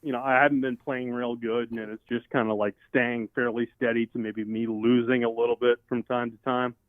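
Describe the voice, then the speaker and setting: A man's voice: mid-range voice, flat delivery, a little fast, no room sound. A man co-hosting a podcast, chatting casually and animatedly, restarting often and swearing casually. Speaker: podcast co-host. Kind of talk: casual chat. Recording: dry tinny phone-like audio.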